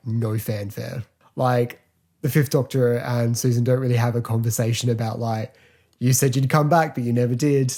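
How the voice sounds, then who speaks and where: A man hosting a casual solo podcast review, talking in a chatty, rambling way full of fillers and quick laughs. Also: medium pitch, warm tone. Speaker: podcast host.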